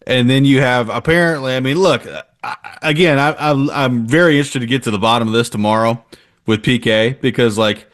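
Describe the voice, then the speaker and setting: A man's voice: medium pitch, a little fast, a bit bright. Opinionated male sports show co-host. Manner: emphatic, opinionated, many "like" fillers. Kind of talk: casual sports talk.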